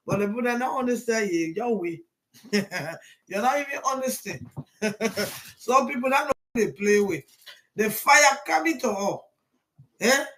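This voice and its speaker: A woman, hosting a casual live stream and greeting viewers one by one in a rambling way, with sudden loud bursts. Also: a little high, expressive, unhurried, long pauses, slight background noise.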